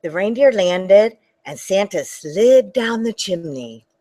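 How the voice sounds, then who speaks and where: A woman librarian reading a picture book aloud to children, animated and talking to them directly. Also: mid-range voice, slow. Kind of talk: children's storytime read-aloud.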